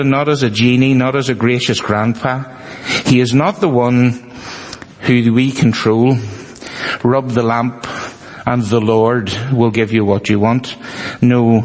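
A male preacher giving a sermon, repeating phrases for emphasis and joking with the congregation. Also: medium pitch. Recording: long reverb of a hall.

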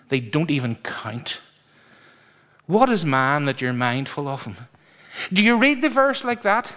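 A man preaching a sermon to a congregation, asking them questions and stretching words for emphasis. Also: high voice. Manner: lively, drawn-out emphasis, asks congregation questions.

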